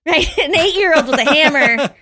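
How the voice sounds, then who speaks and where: A woman co-hosting a podcast, telling a story in a casual, animated way, laughing often and acting out quotes. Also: high voice, normal speed. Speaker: podcast co-host.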